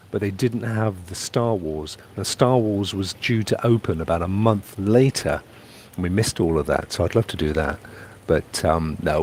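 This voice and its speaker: Outdoors by a private pool on holiday, a man from England live-streams in a fairly low-pitched voice, with slight hiss or hum audible. His talk is casual: he reads viewer comments aloud and wanders on about the trip.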